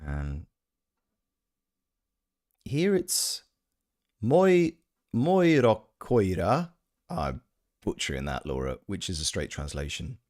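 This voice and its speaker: A man's voice: very deep voice, huge pitch swings, slow pace, pauses often. A man chatting casually on a game stream, reading his chat aloud with playful, joking asides. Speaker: gaming streamer and voice actor.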